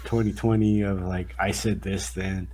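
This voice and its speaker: Husky man in rambling sports chat. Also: deep voice, normal speed. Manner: rambling, profane, animated sports talk. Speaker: podcast co-host. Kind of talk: casual chat.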